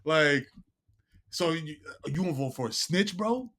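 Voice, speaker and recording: Lively slangy New man telling stories. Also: a little high, unhurried. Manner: animated storytelling, slangy, swears often, puts on voices of others. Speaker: podcast guest. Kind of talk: casual chat.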